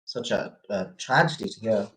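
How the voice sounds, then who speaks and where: A flustered, evasive male professor, as a player puts him on stumbles through his answers with stammers and fillers. His pitch swings about a great deal while his register stays middling. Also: animated, moderate pace, fairly bright tone, close to an everyday voice, poor audio. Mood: hesitant. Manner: hesitant, full of stammers and fillers.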